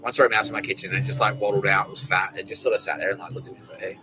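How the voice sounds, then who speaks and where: A man's voice: on the low side, steady tone, racing, rough recording. Profane man over music. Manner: profane, rambling, talking to unseen listeners. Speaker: podcast host. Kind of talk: casual monologue.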